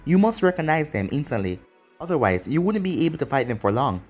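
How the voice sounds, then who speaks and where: Casting: a stern, no-nonsense demon hunter girl, lively phrasing, read by a man. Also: on the high side, quick pace, soft background music. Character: mysterious young female demon hunter, stern instructor.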